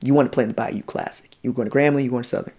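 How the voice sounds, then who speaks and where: A man in a casual sports podcast chat, telling recruiting stories with animated energy and slipping into quoted voices. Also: mid-range voice, racing, vocal fry. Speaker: college football recruiting analyst.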